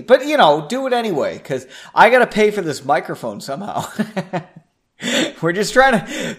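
A man hosting his own podcast from his basement, chatting casually and rambling, often poking fun at himself. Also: high-pitched. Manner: self-deprecating, rambling, laughs at himself. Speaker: podcast host. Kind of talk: casual solo podcast chat. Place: home basement.

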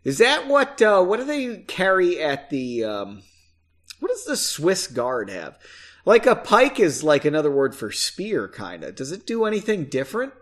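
A man's voice: sits high, huge pitch swings, moderate pace, a bit bright. Chatty man reading his own book. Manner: chatty, self-mocking, swears casually. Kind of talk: casual book reading with asides.

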